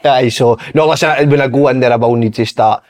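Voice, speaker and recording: A man's voice: mid-range voice, fast, a little mellow. A Scottish man, a former footballer co-hosting a podcast, rambling and laughing often in casual banter.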